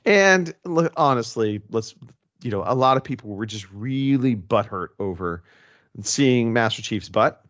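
A man's voice: medium pitch, animated, a little slow, fairly bright tone. Rambly podcast guy, swears casually, restarts a lot, dull lo-fi sound. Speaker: podcast co-host. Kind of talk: casual chat.

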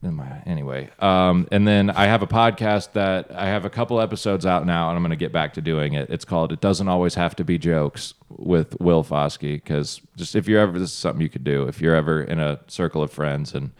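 A man, a stand-up comedian, chatting as a podcast guest and telling loose, joking stories with quick asides. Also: deep voice, smooth. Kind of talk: casual podcast interview.

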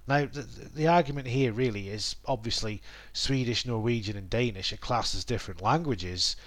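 Guy, middle-aged, doing a chatty language lesson, lots of ums and little asides, mid pitch. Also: moderate pace, a bit bright. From England. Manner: thoughtful, self-correcting, many "um"s and asides. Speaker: language podcast host. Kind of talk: reflective spoken lesson.

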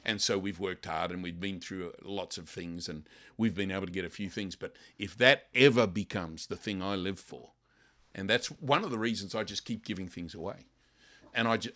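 An older man preaching a sermon, impassioned and building to loud dramatic passages. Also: low voice. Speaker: pastor.

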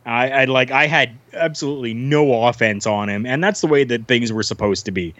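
A man's voice: mid-range voice, fairly quick, fairly bright tone, dry recording. A man from Canada, a former wrestler, telling a story as a guest in a casual chat, full of fillers and restarts. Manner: rambling, many fillers and restarts. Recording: dull lo-fi sound.

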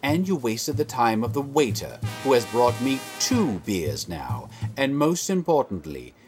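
Proud, cutting theater boss in an audio drama; lively swings in pitch, faint music behind. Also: male voice, measured pace. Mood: lecturing. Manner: scolding, sharp and sarcastic. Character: stern adult male theater producer, proud and cutting. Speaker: theater producer.

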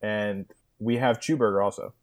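Laughing low-voiced male podcast host. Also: fairly even intonation, normal speed. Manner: joking, laughs often. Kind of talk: casual gaming podcast chat.

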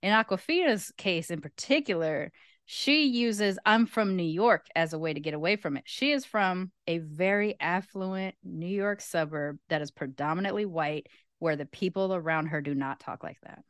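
Woman podcast guest, emphatic and opinionated, smooth voice, dry close mic. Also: lowish voice, moderate pace, no room sound. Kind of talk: casual podcast chat.

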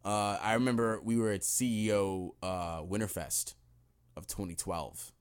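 A man's voice: lowish voice, fairly even intonation, unhurried, clear, resonant tone. A young man hosting a podcast, chatting casually in a laid-back, slangy way with some swearing. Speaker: podcast co-host.

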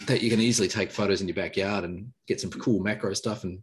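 A man in his thirties co-hosting a casual live chat over a video call, quick and jokey. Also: on the low side, fairly even intonation, a little hiss or hum. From Australia. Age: 30s. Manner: quick, jokey, laughs easily. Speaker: podcast co-host.

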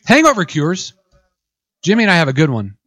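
A man's voice: on the high side, huge pitch swings, a little fast, fairly bright tone, dry recording. A man hosting a podcast in a studio, talking in a loose, profane, rambling way. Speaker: podcast host. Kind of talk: casual podcast chat.

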